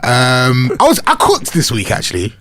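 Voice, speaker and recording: A man's voice: mid-range voice, huge pitch swings, normal speed, fairly bright tone, no echo, studio quality. A man co-hosting a podcast, chatting casually and bantering with plenty of laughs. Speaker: podcast co-host. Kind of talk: casual chat.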